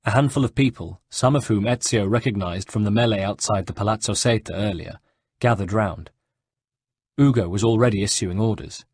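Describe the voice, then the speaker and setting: A man reading an audiobook in a measured, even storytelling manner. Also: lowish voice, husky, dry recording, clean studio sound. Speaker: audiobook narrator. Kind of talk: scripted narration.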